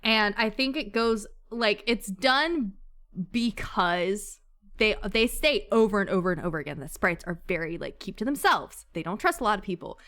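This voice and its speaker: A woman's voice: mid-range voice, lively intonation, moderate pace, a bit bright. A woman chatting casually about a book with friends, gushing and swearing freely, with lots of fillers. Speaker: book club member. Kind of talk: casual chat.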